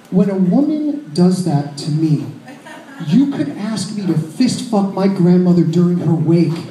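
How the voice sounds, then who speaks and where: A man's voice: sits high, dark tone. A man in his thirties telling a crude, self-mocking story as a stand-up comedian. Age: 30s. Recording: roomy echo.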